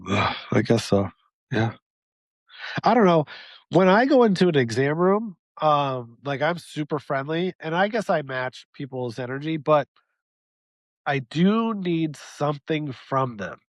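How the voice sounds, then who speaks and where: A man co-hosting a podcast, grumbling about small talk and muttering low when he quotes himself. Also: sing-song, unhurried, dry recording. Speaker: podcast co-host. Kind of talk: casual chat.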